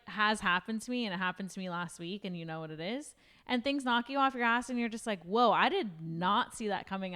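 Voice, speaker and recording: A woman's voice: mid-range voice, bright, forceful tone, smooth. A young woman co-hosting a casual podcast, rambling with lots of fillers and casual swearing. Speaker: podcast co-host.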